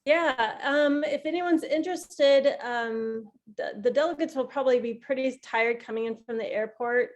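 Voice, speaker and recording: A woman's voice: high-pitched, moderate pace, few pauses. A woman organizing an event goes over a schedule on a video call, hesitant with many ums. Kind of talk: casual group video call.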